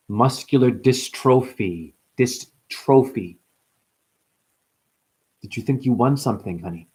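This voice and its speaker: In a fairly low-pitched voice, a man rambles through a spiritual monologue, free-associating via wordplay and lurching from near-whispers to sudden loud outbursts.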